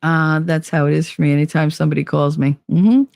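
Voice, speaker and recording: A middle-aged woman hosting a live show, chatting casually in a blunt, profane, animated way. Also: deep voice, a little fast, gravelly, no echo. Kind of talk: casual chat on a live stream.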